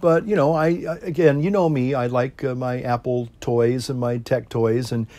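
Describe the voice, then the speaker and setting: Rambling, chuckling priest puffing on a pipe. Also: male voice, mid-range voice, moderate pace. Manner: relaxed, rambling, chuckling, with fillers and puffs on a pipe. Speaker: priest and pipe-smoking video host. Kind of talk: casual talk to camera.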